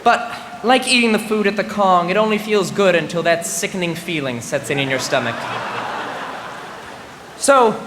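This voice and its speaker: At a large ceremony, a twenty-something graduating student speaks in a high voice at a moderate pace. His humorous speech relies on mock-serious comic timing amid laughter from the crowd. The room is reverberant, and faint background noise is audible.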